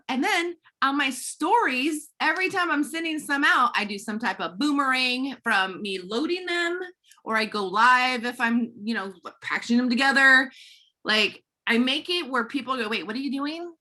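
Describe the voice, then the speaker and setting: Chatty woman giving tips, bright voice, acts out little conversations. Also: high voice. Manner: chatty, quick asides, acts out little dialogues. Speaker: network marketing presenter. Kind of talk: casual tips talk on a group call.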